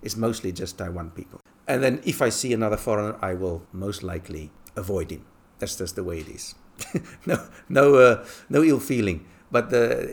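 Man, from England, casual monologue, anecdotal, chuckles now and then. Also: medium pitch. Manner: relaxed anecdotal storytelling with chuckles. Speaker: expat talking about life abroad.

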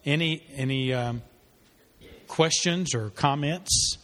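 A man's voice: on the high side, slow, fairly bright tone, slight background noise. Man teaching in a reverberant hall. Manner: earnest, conversational, with fillers and restarts. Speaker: pastor teaching a parenting class. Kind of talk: sermon-style teaching with a story.

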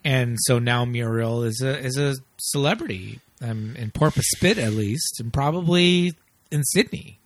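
A man co-hosting a podcast, chatting casually about a film with frequent fillers and laughs. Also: medium pitch. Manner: chatty, lots of "you know" and quick laughs. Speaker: podcast co-host. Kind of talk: casual movie chat.

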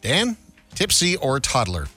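Male radio host, upbeat quiz patter, lively pitch, bright voice. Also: unhurried, husky, dry recording, faint music behind. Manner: upbeat game-show patter. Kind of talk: radio show segment hosting.

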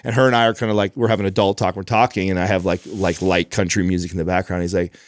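A man's voice: deep voice, little pitch movement, fast. A middle-aged man co-hosting a podcast, telling a family story in casual chat, acting out voices and swearing casually. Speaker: podcast co-host.

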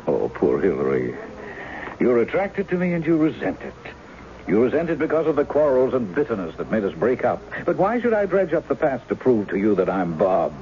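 A man's voice: medium pitch, wildly swooping pitch, fairly quick, a little hiss or hum. An actor playing a charming male impostor in a 1970s radio drama, wry and teasing, often laughing. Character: charming male impostor, a blocked novelist posing as a husband. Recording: dull old radio broadcast with music.

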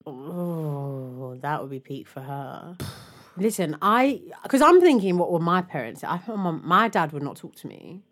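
Young woman podcast cohost, voice jumps all over, loud then mumbly. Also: measured pace. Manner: expressive, swinging from loud exclamations to low mutters. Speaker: podcast co-host. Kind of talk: casual chat.

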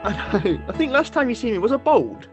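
A man's voice: extremely high pitch, big pitch swings, quick pace, highs cut off, soft background music. A man hosting a radio chat, chirpy and chatty. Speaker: radio host. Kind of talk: casual chat.

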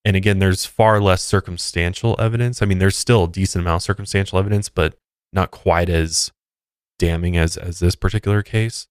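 Male podcast co-host, low resonant voice, conversational and loose, dry booth. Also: steady tone, fairly quick, clean tone, dry recording. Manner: conversational, with frequent restarts and asides. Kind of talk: casual true crime chat.

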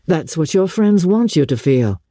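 A woman reading aloud voices a proud young gentleman who speaks in a measured, somewhat pompous way. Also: lowish voice, very animated, no room sound, studio quality, pitched above the performer's own voice. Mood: stiff. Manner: measured and dignified.

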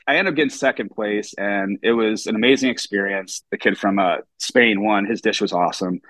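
A man's voice: medium pitch, normal speed, few pauses, a bit bright, no echo. A young adult man, a chef from the United States, telling stories casually in an interview, full of fillers and acting out quoted voices. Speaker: chef, podcast guest.

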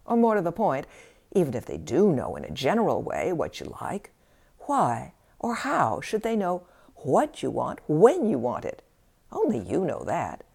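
A woman with a low, gravelly voice delivers a scripted self-help talk. Her delivery swings widely and expressively, with a wry edge. The tone is dark and mellow.

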